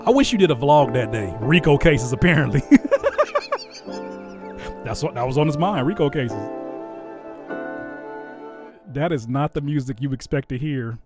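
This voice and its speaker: A man hosts a casual reaction show over loud hip hop music, hyped up as he exclaims and chants along to the beats. He has a medium-pitched voice and talks fast, with few pauses.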